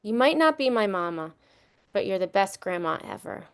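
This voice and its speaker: A woman's voice: medium pitch, sing-song, normal speed, gravelly, clean tone. A woman reading a children's book aloud, voicing a young boy who speaks plaintively to his grandmother. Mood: sad. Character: upset little boy in grandma's care. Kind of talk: storybook read-aloud.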